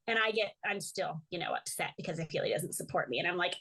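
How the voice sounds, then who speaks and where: A woman's voice: on the low side, fast talker, few pauses, breathy edge. An American woman, a guest artist, telling stories in a casual interview, acting out quotes and laughing often. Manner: animated storyteller, acts out quotes, laughs often.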